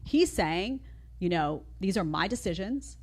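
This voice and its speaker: Animated woman hosting a commentary show. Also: on the low side, unhurried. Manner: animated, emphatic, rhetorical questions. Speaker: show host. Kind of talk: opinion commentary.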